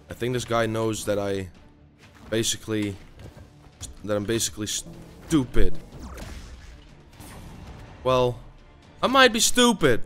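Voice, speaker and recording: Swearing gamer dude yelling at his match, voice jumps all over, bright edgy tone, faint music behind. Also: lowish voice, expressive, slow, pauses often. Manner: swears constantly, raging at opponents, stammering repeats. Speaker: gaming YouTuber. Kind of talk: live gameplay commentary.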